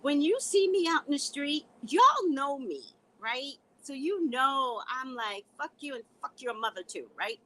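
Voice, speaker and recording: Lively, bright-voiced sassy woman host. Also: sits high, poor audio. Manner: blunt, sassy, laughing, addresses viewers as guys. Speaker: psychic reader and live host. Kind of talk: casual live-stream chat.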